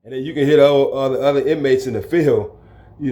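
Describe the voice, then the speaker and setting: Mellow-voiced man telling a prison story. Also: medium pitch, fast. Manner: animated, acts out the people in his story, chuckles. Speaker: storyteller recounting his prison time. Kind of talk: casual spoken storytelling to camera.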